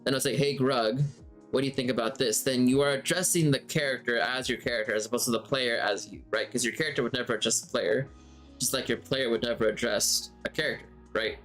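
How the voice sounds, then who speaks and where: A man's voice: mid-range voice, quick pace, fairly bright tone, faint music behind. A man giving a casual spoken lesson on running tabletop games, talking conversationally, thinking aloud and rephrasing as he goes. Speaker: game master teacher.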